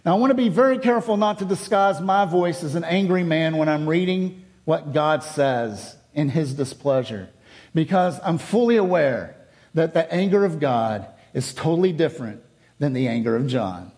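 A man's voice: a little high, animated, normal speed, a little mellow. A man preaching a sermon, reading scripture aloud and explaining it with rhetorical questions and repetition.

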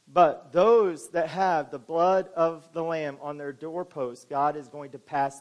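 A man preaching as pastor in a church, moving between soft, low passages and loud, emphatic ones. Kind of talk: sermon.

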